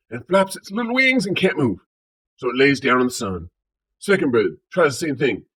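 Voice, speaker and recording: A man's voice: mid-range voice, very animated, brisk, a bit bright, husky. A man with a Southern US accent casually telling funny stories and jokes, playfully acting out sounds. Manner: playful, acts out sounds like purring. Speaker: storyteller. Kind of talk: casual story time and joke telling.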